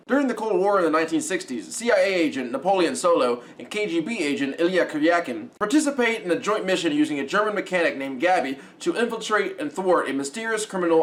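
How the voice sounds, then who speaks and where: Male film reviewer, rapid, chatty, slightly high voice, enthusiastic delivery. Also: a bit bright. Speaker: film reviewer, channel host. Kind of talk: casual movie review.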